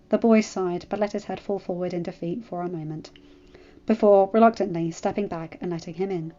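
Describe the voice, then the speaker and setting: A woman reading fan fiction aloud in a steady, even narration. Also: lowish voice, a little fast, highs cut off.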